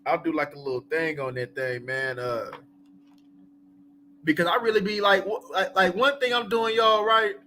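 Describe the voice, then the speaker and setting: A man's voice: high voice, fairly even intonation, moderate pace, bright, forceful tone, slight background noise. A man hosting a casual live book chat, talking loosely with many fillers and asides and laughing often between thoughts.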